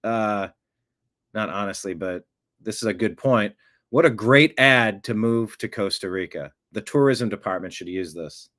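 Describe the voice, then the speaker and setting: A man's voice: on the low side, normal speed, a bit bright. A man hosting a commentary show, reacting to a video clip in a sarcastic, mocking way.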